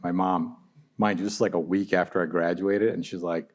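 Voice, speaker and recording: A man's voice: deep voice, level tone, brisk. A man in his forties, speaking as an alumni panelist in a chatty storytelling way and laughing at his own anecdotes. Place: law school event room.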